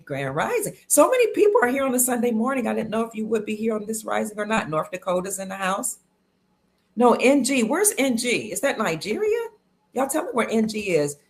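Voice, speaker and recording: Chatty upbeat woman hosting a livestream. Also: mid-range voice. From Cleveland, Ohio, USA. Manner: chatty and upbeat, reading out viewer comments. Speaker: livestream host. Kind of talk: casual livestream chat greeting viewers.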